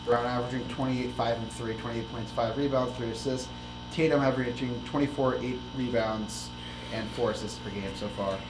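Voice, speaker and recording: A man's voice: medium pitch, fairly even intonation, fairly quick, over music. A man co-hosting a podcast, casually rattling off sports stats and breaking down games. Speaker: podcast co-host. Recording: roomy, noisy room recording.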